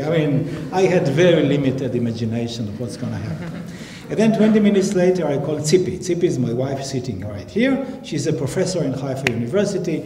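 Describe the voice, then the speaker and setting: A man on a public panel telling a story in an animated way, acting out phone calls in different voices. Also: a little high. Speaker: panel guest, scientist. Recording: echoey hall, faint noise.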